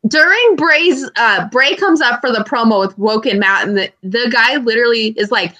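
A young woman co-hosting a casual chat, telling stories with lively, acted-out quotes. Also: fairly high pitch, moderate pace, few pauses. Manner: animated storyteller who acts out loud quotes. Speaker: podcast co-host.

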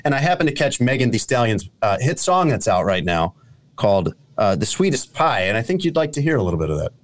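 A man hosting a casual sports talk show, dry and teasing, often pausing with hesitant uhs as he reads out stories. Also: medium pitch, sing-song. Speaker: show host.

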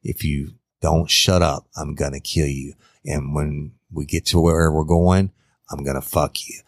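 A man voicing a cold male abductor, speaking low and quiet with menace. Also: steady tone, measured pace, no echo, studio quality, heavily acted. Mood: menacing.

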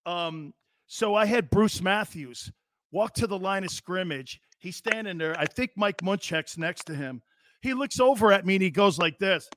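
A middle-aged man hosting a sports talk show in casual chat, excitable, breaking into loud laughs and repeating himself. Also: high-pitched, normal speed, vocal fry, a little hiss or hum.

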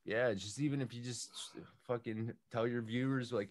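A man's voice: mid-range voice, steady tone, moderate pace. A young man chatting casually on a podcast as a guest, swearing a lot, rambling and laughing through his stories. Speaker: music producer guest.

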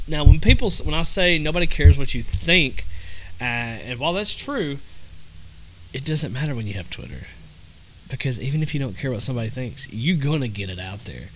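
A man's voice: medium pitch, fairly bright tone, a little hiss or hum, low-quality recording. A man with a Southern American accent hosting a podcast in a casual, rambling monologue, repeating himself and using lots of fillers. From Southern United States. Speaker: podcast host.

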